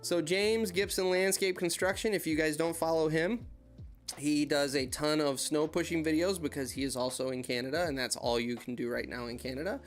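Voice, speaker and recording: An American man with a slightly high voice hosts a casual live-stream Q&A from his desk, speaking at a moderate pace over soft background music. He runs a YouTube channel, works as a heavy equipment operator, and rambles through anecdotes while greeting viewers by name.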